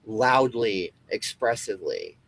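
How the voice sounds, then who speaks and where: A man's voice: on the low side, wildly swooping pitch, slow pace, creaky, fairly bright tone, rough recording. A man hosting his own web show, delivering an impassioned, profane rant straight to his viewers with emphatic repetition and frequent restarts. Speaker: comedy web show host. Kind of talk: impassioned solo rant to camera.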